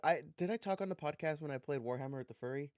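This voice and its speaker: A young man co-hosting a podcast, telling an animated, profane story in casual chat. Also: fairly high pitch, very fast, no echo, studio quality. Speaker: podcast co-host.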